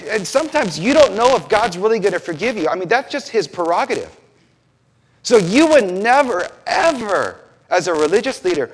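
Animated male preacher, lively pitch. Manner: animated, acts out biblical scenes with quoted voices. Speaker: pastor. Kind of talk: sermon.

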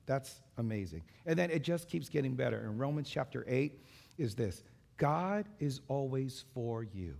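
A man's voice: medium pitch, animated, moderate pace, vocal fry, darkish tone. A man, a pastor and father, giving a sermon in a conversational way, with many fillers and repeated phrases.

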